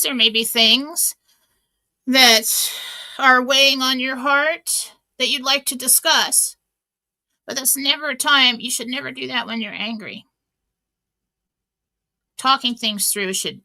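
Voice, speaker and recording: A woman's voice: on the high side, pushed and bright. A middle-aged woman hosting a radio talk show, telling stories in a chatty way, full of fillers and restarts. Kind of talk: casual inspirational talk.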